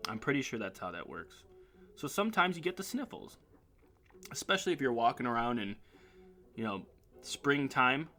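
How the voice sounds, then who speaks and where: A man's voice: mid-range voice, sing-song, normal speed, long pauses, sharp tone. Joking man rambling on his solo show. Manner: rambling, jokey, reads sponsor ads in a hyped voice. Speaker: internet radio show host. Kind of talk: casual solo talk show.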